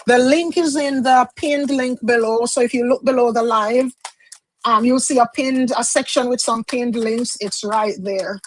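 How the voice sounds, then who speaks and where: A woman's voice: fairly high pitch, fairly even intonation, measured pace, rough recording. Chatty woman reading tarot live. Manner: chatty, explanatory, often repeats and restarts phrases. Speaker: tarot card reader.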